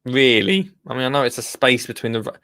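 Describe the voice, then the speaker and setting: Bloke rambling through gardening news, lots of little asides, mid voice. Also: male voice, medium pitch, lively intonation, fairly quick, fairly bright tone, dry recording. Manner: rambling, chatty, with frequent asides. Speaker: gardening podcast host. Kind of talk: casual news chat. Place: radio studio.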